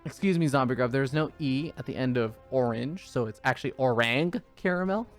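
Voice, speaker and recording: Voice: medium pitch, fairly quick, darkish tone, soft background music. A caster giving live play-by-play and analysis of a strategy game match, talking through their thinking with frequent hedges. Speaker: esports caster.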